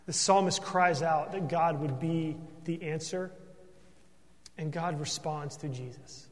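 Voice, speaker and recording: A man's voice: a little high, slow pace, in a large hall. A man preaching a sermon as pastor, earnest and emphatic, often tossing in a questioning "right?" to the congregation.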